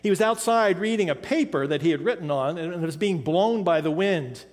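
An older man from western Pennsylvania preaching a sermon, pausing dramatically and letting key words trail off softly. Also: high-pitched, animated, in a large hall. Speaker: pastor.

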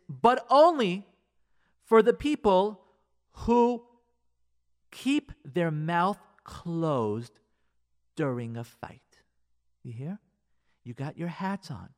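A man giving a Torah class on radio, asking rhetorical questions and quoting Hebrew and Aramaic sources, swinging between loud emphasis and quiet asides. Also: on the high side.

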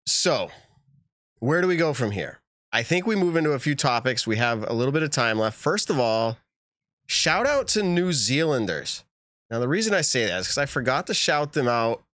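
A man's voice: medium pitch, a bit bright, no echo, clean studio sound. Rambling young man telling a story. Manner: rambling storyteller, laughs often. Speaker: podcast co-host. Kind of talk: casual chat.

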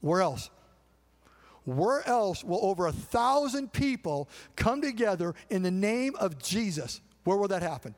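A male pastor giving a conversational sermon in a large church, often checking in with the congregation through quick rhetorical questions. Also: high voice, sing-song. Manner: conversational preaching with frequent rhetorical check-ins. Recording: long reverb of a large hall.

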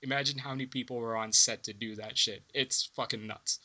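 A man co-hosting a film podcast, chatting casually and excitedly about movie trivia, laughing and swearing often. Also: medium pitch, fairly quick. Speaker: podcast co-host.

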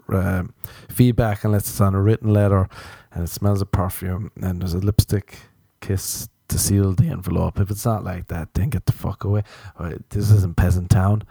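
A man's voice: low voice, vocal fry, mellow, dry recording. A man from Ireland hosting a solo comedy podcast from his apartment, rambling through self-mocking jokes and tangents. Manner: self-mocking, meandering, jokey asides. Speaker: podcast host.

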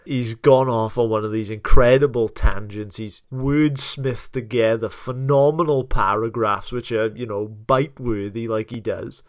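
A man from South Wales with a Welsh accent, co-hosting a podcast and telling anecdotes in a lively, casual way. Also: medium pitch, measured pace, few pauses, dry recording, clean studio sound. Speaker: podcast co-host. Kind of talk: casual chat.

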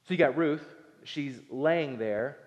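A man in his thirties, a pastor, preaches a casual, conversational sermon, acting out voices from the story and talking back and forth with his congregation. His voice is a little high and slow, and the lo-fi recording carries a long hall reverb.

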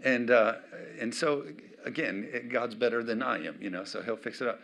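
A middle-aged man preaching a sermon as pastor, with emphatic swings between loud declarations and quiet asides. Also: mid-range voice, normal speed.

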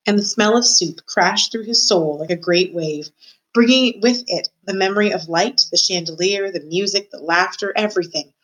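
A woman's voice: medium pitch, normal speed, fairly bright tone, rough recording. A woman reading a children's novel aloud, telling it expressively and voicing the characters herself. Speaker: reader.

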